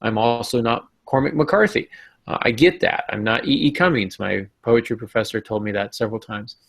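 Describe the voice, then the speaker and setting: A man with a gravelly, creaky voice hosts a writing podcast in a casual, thinking-aloud way. He hesitates often, restarts his sentences and pokes fun at himself. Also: mid-range voice, brisk, fairly bright tone. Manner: hesitant, many ums and restarts, self-deprecating. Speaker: podcast host. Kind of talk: casual discussion.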